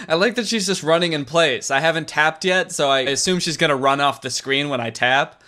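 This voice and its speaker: Guy youtuber riffing on a game, sarcastic, rambly, bright voice, bit high. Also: big pitch swings, moderate pace. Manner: sarcastic, rambling, laughs often. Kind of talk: comedic game commentary.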